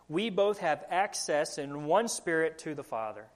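A man's voice: on the high side, sing-song, a little slow. A young adult man with a country accent preaching a sermon as pastor, earnest and asking the congregation questions. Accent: American Southern country.

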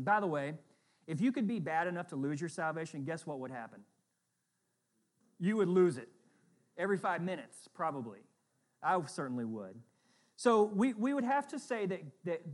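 A middle-aged man preaching a sermon as pastor, earnest and conversational, often checking in with his listeners. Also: sits high.

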